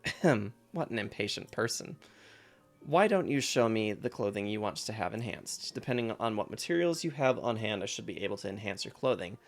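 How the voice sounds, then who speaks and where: A man's voice: fairly low pitch, animated, fairly quick, soft background music. A man voicing a grand, theatrical ancient female fairy spirit from a video game, reading her lines aloud in a playful, dramatic way. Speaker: streamer reading game dialogue.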